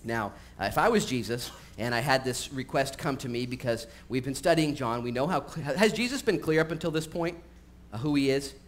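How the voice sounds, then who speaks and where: A man's voice: mid-range voice, lively intonation, fairly quick. Man preaching conversationally. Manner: conversational and humorous, shifting into earnest emphasis. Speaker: pastor. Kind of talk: sermon. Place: church service, recorded live. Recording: faint background noise from a live stream.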